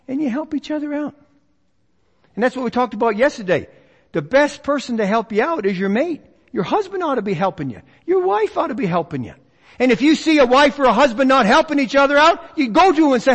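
A middle-aged man preaching a revival sermon in a church, swinging from loud urgent exhortation to hushed earnest tones. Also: very high-pitched, sing-song, fairly quick, slightly rough. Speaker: visiting preacher. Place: church sanctuary. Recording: long reverb of a church hall.

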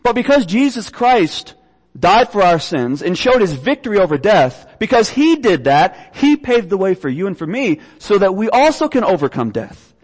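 High-voiced young preacher in a reverberant hall. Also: male voice, sing-song, moderate pace, husky. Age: young adult. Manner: earnest, reads scripture aloud, repeats words. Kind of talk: sermon.

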